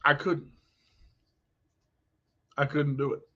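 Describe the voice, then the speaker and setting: A man's voice: fairly high pitch, little pitch movement, takes it slowly, pushed and bright, lo-fi sound. A man vlogging in a candid, blunt monologue, telling personal stories with emphasis.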